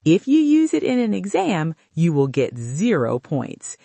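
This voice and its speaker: Slow, lively woman teaching English. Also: creaky, no room sound. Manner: slow, careful and upbeat, with a very lively pitch. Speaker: English teacher and podcast host. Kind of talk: scripted English lesson.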